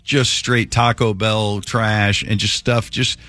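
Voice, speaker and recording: A man's voice: fairly low pitch, flat delivery, takes it slowly, bright, forceful tone, dry recording, faint music behind. A man hosting a morning radio show, chatting casually and rambling on a studio microphone. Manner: chatty, rambling, self-deprecating.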